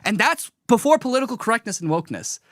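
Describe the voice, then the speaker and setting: Lively sarcastic male show host. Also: extremely high pitch, fast, no echo, studio quality. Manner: animated, sarcastic. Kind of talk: live commentary show.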